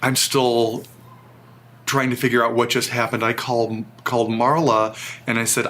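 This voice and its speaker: Speaking at a moderate pace with little pitch movement, this man's medium, slightly bright voice carries an earnest, emotional personal story he shares as an interview guest. He recounts it vividly, and a little background noise is audible.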